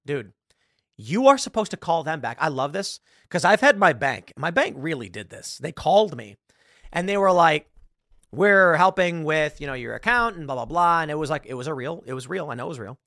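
A man's voice: a little high, very animated, normal speed, a bit bright, no echo, studio quality. A man hosting a podcast, telling a story in a casual, sarcastic way and acting out the voices of the people he quotes. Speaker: podcast host. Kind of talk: casual commentary.

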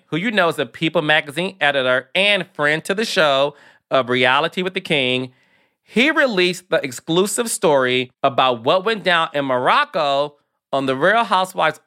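Podcast host, male, sassy and emphatic, bright forward tone. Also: on the high side. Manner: emphatic, sassy, says "child" a lot. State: emotional, near tears. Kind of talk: casual commentary monologue.

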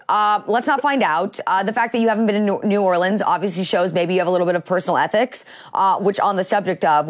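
A woman hosting a morning talk show, steering casual banter from topic to topic at a steady pace with "uh" fillers. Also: on the low side.

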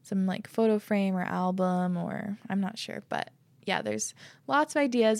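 A woman's voice: medium pitch, normal speed, vocal fry, no room sound, clean studio sound. A woman hosting a podcast, chatting casually and gushing with lots of "like" and "oh my gosh". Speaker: podcast host. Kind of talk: casual podcast chat, reading listener letters.

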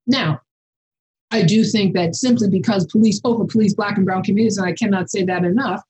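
A woman professor speaking as a podcast guest, her voice dark, mellow and very husky. She talks with passion and force, pressing each point home. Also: mid-range voice, a little fast, poor audio. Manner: impassioned and forceful. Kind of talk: casual podcast conversation.

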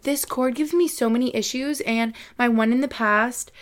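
A woman's voice: on the high side, normal speed. A young woman from upstate New York hosting her own podcast, chatting casually and rambling with lots of fillers into a computer microphone. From Albany, New York, USA. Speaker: podcast host. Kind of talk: casual solo podcast chat. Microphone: USB-adapter podcast microphone at a computer.

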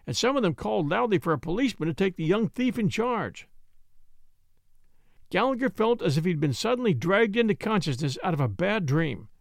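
A man narrating a story in an expressive, scripted reading. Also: high-pitched, gravelly, no echo, studio quality. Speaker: audiobook narrator.

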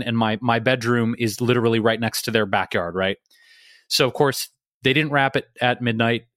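A man's voice: mid-range voice, no room sound, clean studio sound. A man co-hosting a podcast, talking in a rambling, confessional way and swearing freely. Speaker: podcast co-host. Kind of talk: candid conversational chat.

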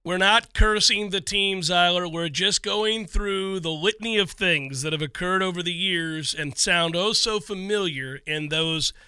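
A man's voice: high-pitched, a little slow, few pauses, smooth, dry recording. A man hosting a sports talk show, bantering and acting out a fan's frustration with lots of laughter. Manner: animated, laughing, acts out fan reactions. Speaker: sports radio host.

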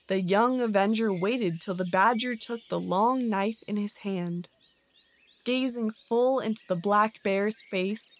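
Slow, measured woman storyteller. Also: mid-range voice, slight background noise. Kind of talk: scripted storybook narration.

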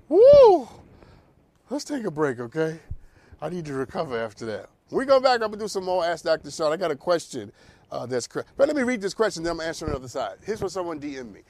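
Animated man preaching advice. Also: on the high side, quick pace. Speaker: talk show host giving advice. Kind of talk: talk show advice segment.

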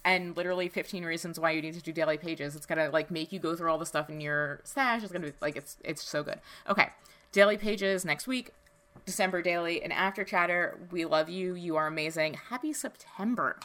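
A woman co-hosting a podcast in casual chat, gushing and excitable, often restarting her sentences. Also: lowish voice, fairly quick. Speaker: podcast co-host.

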